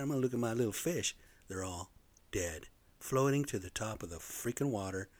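A man's voice: fairly low pitch, no room sound. Rambling, profane man in his fifties. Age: 50s. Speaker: storyteller. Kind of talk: casual personal storytelling.

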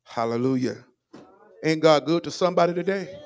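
A man's voice: sits high, moderate pace, vocal fry, a little mellow. A middle-aged man, a pastor leading a church service, calling out to the congregation and praying with rising fervor. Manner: call-and-response preaching, rising fervor. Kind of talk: sermon and prayer. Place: church sanctuary.

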